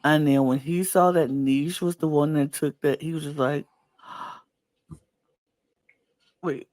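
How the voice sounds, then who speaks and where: A man co-hosting a podcast, gushing about reality TV in an excitable, animated way. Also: a little high, normal speed, no room sound. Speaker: podcast co-host. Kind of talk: casual reality TV recap chat.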